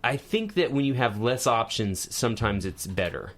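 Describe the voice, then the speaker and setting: Man, young adult, mid-pitched voice, easygoing podcast chat. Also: big pitch swings, normal speed, a bit bright. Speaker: podcast co-host. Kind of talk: casual chat.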